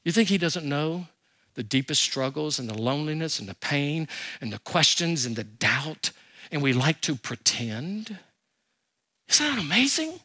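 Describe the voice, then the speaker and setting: An older man preaching a sermon as a pastor, animated and humorous, telling stories and asking rhetorical questions. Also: fairly high pitch, breathy edge.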